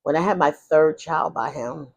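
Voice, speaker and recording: In a low voice at normal speed, a woman vlogger tells her life story in a candid, casual way. She's loose and frank, restarting often and wandering into asides.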